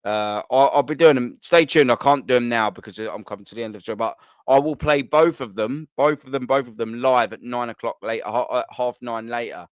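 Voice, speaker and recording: A man's voice: mid-range voice, fairly quick, hardly any pauses, clean tone, no room sound, studio quality. A young man hosting a casual live-stream chat, slangy and repetitive, swearing and circling back on his phrases.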